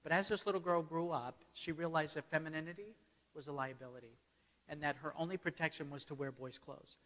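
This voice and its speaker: A man's voice: a little high, fairly even intonation, fairly quick, a bit bright. A man giving a church keynote as a storytelling sermon, often checking in with his audience. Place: church hall. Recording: long hall reverb.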